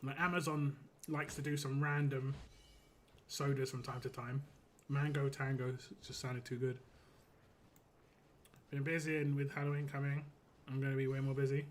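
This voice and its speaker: A man's voice: mid-range voice, level tone, normal speed, long pauses, slight background noise. A young man chatting casually and rambling while he streams a mobile game, laughing easily as he talks. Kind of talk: casual live-stream chat.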